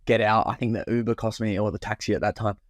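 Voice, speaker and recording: A man's voice: fairly low pitch, steady tone, fast, dry recording. A young man, co-hosting a podcast and telling a rowdy night-out story in casual chat, swearing freely and acting out his own past lines. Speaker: podcast co-host.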